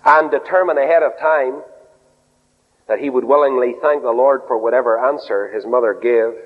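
A man preaching a sermon in an animated way. He swings his pitch up and down, acts out quoted voices and drops in humorous asides. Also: moderate pace. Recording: dull lo-fi recording in a reverberant hall.

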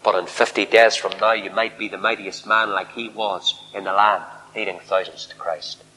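A man preaching a fiery revival sermon in a large church hall, swinging from shouted appeals to hushed near-whispers. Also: on the low side, steady tone, normal speed.

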